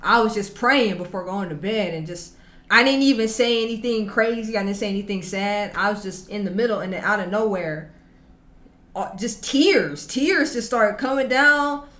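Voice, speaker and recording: A woman's voice: medium pitch, normal speed, a bit bright. A woman hosting a reaction video, telling her own story in a chatty, slangy, laid-back way. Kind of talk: casual reaction commentary.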